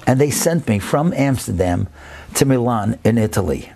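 A man telling a story expressively, building slowly and dropping to a whisper at times. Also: mid-range voice, lively intonation, gravelly, warm tone. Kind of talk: told personal-style story.

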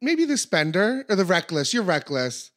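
A woman's voice: fairly low pitch, very animated, normal speed. A young woman co-hosting a podcast in casual chat, teasing bluntly and swearing freely. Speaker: podcast co-host.

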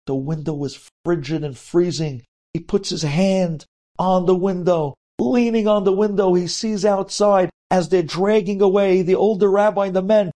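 A man, a rabbi, telling a dramatic story, swinging between hushed moments and emphatic ones. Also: high-pitched, moderate pace.

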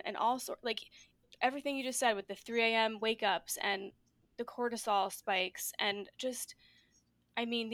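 A woman's voice: mid-range voice, a bit bright, dry recording. A woman hosting a podcast interview, chatting casually and encouragingly with plenty of fillers. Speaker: podcast host.

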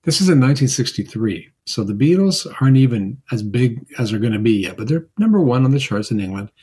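A man's voice: medium pitch, expressive, quick pace, mellow, breathy edge. Chatty guy co-hosting a music podcast, voice jumps all over, repeats himself, laughs. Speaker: podcast co-host. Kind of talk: casual chat.

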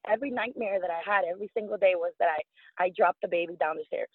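Woman, 30s, from New York, interview guest; husky, dry phone-line sound, animated storyteller. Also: fairly low pitch, quick pace, no echo. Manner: animated, acts out quoted voices, frequent fillers.

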